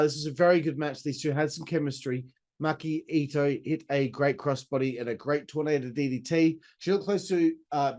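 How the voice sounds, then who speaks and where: A man's voice: mid-range voice, darkish tone. A man, hosting a podcast and recapping a wrestling show in a chatty, enthusiastic way, swearing and throwing in asides. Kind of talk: casual recap commentary.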